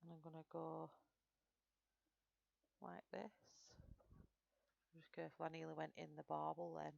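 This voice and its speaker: A woman's voice: low-pitched, little pitch movement, measured pace, vocal fry, darkish tone, dry recording, highs cut off. A woman with a Northern English accent, chatting through a live colouring tutorial and answering viewers' comments as she works. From Northern England. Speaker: streamer.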